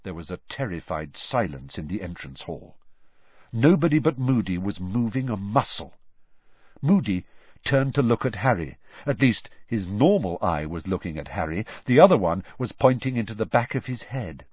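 A man narrating a storybook in an expressive, lively way. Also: on the low side, moderate pace, slightly rough, no room sound. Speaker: audiobook narrator. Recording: dull, dry close-mic recording.

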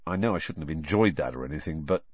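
A man's voice: extremely low pitch, lively intonation, fast talker, dry recording, lo-fi sound, voice pushed down. A man voicing a cheeky, blunt teenage schoolboy in a storybook reading.

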